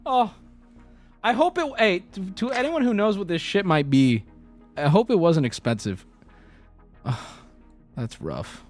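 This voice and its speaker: A man's voice: sits high, unhurried, pauses often, soft background music. A man streaming live, telling a story casually with lots of profanity and jokes. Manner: animated, profane, jokey storytelling.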